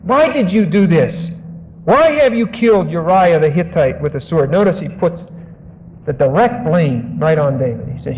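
A man preaching, his voice fairly high for a man and rising hard on his emphatic points. He reads scripture and drops plain explanations between the verses. The recording is dull and lo-fi, with a long reverb trailing each phrase as in a big hall. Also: expressive, moderate pace. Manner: emphatic, rises in pitch for stressed points, asides between scripture readings. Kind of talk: sermon, expository Bible teaching. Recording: dull lo-fi audio in a large echoing hall.

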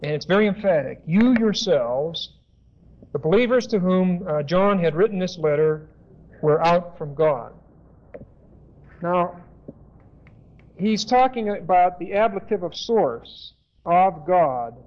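A man giving a deliberate Bible lesson, spelling out Greek words and pausing to correct himself. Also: sits high, expressive. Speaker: Bible teacher. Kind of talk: slow expository Bible lesson. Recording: dull lo-fi sermon tape.

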